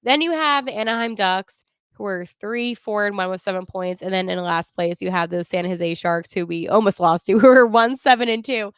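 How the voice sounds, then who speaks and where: A woman's voice: medium pitch, moderate pace, clean tone, no echo, clean studio sound. A woman hosting a sports podcast, talking casually and with strong opinions, laughing often as she runs through the standings. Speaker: podcast host.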